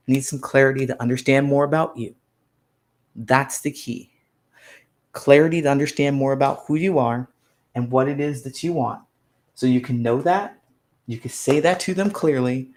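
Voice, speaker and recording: A man's voice: mid-range voice, darkish tone. A man giving a motivational conference talk as a life coach, repeating phrases for emphasis and acting out quoted lines.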